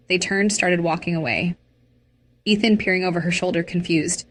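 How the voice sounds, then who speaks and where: A woman's voice: lowish voice, fairly even intonation, normal speed. A woman narrating a dramatic first-person story.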